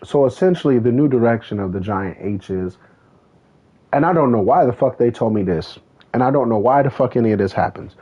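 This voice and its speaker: Man streamer, husky voice, rambling swearing storyteller, tinny phone-like audio. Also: medium pitch, lively intonation, fairly quick, warm tone. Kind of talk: casual chat while streaming a racing game.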